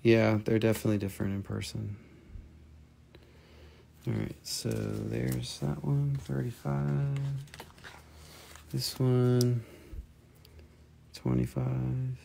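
A man hosts a live crystal sale, chatting loosely and joking with viewers as he shows pieces. His voice sits at an ordinary pitch with a gravelly, fry-laden edge. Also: flat delivery, slow pace, pauses often, warm tone, a little hiss or hum. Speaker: host selling crystals on a live stream. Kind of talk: casual live sales stream.

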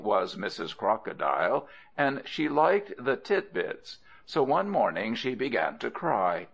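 A man narrates a storybook in an expressive way, speaking slowly with a lively, rising and falling pitch. His voice is gravelly, and the recording sounds dull and lo-fi. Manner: expressive, addresses the listener. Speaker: audiobook narrator.

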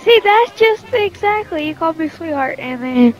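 A man's voice: very high voice, lively intonation, moderate pace, over a noisy crowd, low-quality recording. A man talking in online game voice chat with blunt, unimpressed retorts. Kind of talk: voice chat banter. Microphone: game voice chat headset.

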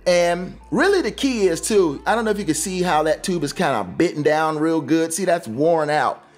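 A man with a fairly high voice walks through his instrument in loose, excited chat. He drops slang as he goes. Faint music sits underneath. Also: normal speed. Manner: enthusiastic, relaxed slang. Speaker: talk box player, guest. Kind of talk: casual explanation with demonstration.

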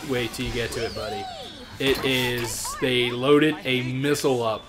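A man co-hosting a let's play, telling stories in a rambling, animated way full of "like". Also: medium pitch, normal speed. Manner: rambling, animated storytelling, lots of "like". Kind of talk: casual chat over gameplay. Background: game music.

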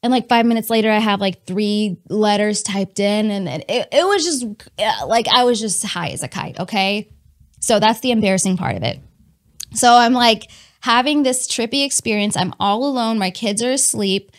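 A woman telling a personal testimony in a candid, animated way, talking to her listeners as y'all and laughing between lines. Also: medium pitch, moderate pace. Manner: chatty with many fillers and laughs.

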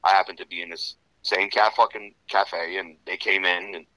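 Profane New storyteller, bright and dry. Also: male voice, deep voice, little pitch movement, moderate pace, no echo, rough recording. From Serbian Romanian background. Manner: profane, rambling, full of "you know". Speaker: interview guest. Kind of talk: casual storytelling interview.

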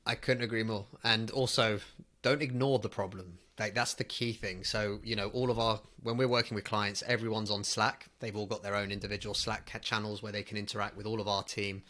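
Bright-voiced male podcast host. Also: on the low side, level tone, fairly quick. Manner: earnest, emphatic advice-giving. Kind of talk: casual podcast conversation.

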